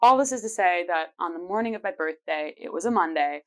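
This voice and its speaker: Lowish and brisk, her voice has lively intonation and a fairly bright tone. The woman, in her twenties, hosts her own podcast, playfully sharing personal stories in a chatty way with frequent laughs.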